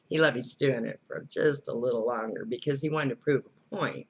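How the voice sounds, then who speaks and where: A woman's voice: rumbling low, fairly even intonation, a little fast, creaky, slightly rough. A woman giving casual spiritual advice, blunt and earthy, who swears freely and laughs often. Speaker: spiritual teacher.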